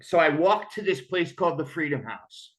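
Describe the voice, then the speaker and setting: A man recounts his own recovery candidly and conversationally, acting out the voices of people he quotes. His voice is on the high side, animated and fairly bright, at a normal speed.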